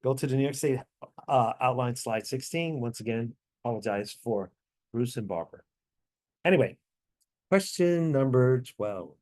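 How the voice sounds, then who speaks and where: A man leading a tax training class over a video call, explaining answers step by step with frequent fillers and quick apologies. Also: mid-range voice, lively intonation, a little mellow.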